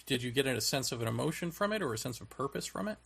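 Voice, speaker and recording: Male host, gravelly voice, brisk interviewer. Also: mid-range voice, lively intonation, fairly bright tone, no room sound. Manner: probing, follow-up questions. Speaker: podcast host. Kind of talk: interviewing a guest.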